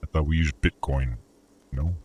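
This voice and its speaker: A man casually reading a video game's dialogue aloud, with wry deadpan asides. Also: very deep voice, normal speed, slightly rough. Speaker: game player reading aloud. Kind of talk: casual let's-play reading.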